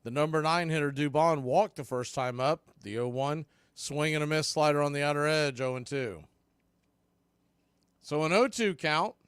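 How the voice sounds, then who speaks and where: A man calling live baseball play-by-play on a studio mic, with excitable calls and chatty asides. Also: on the high side, moderate pace, clear, resonant tone, no room sound. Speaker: play-by-play announcer.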